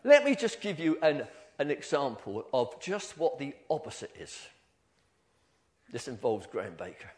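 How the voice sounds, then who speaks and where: An older man giving an informal, animated church talk, telling stories about himself with many restarts. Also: mid-range voice, normal speed. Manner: animated storytelling, self-deprecating, many restarts. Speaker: lay preacher.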